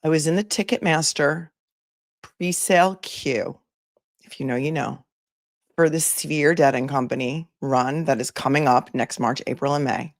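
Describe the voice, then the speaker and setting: Female attorney host, casual chat style, lower voice, close dry mic. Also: moderate pace, no echo. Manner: chatty, joking, talks to the chat directly.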